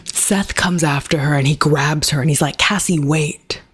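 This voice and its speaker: A woman's voice: deep voice, steady tone, moderate pace, breathy edge. A woman book reviewer retelling a plot in a chatty way, with sarcastic asides. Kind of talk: casual book review rant.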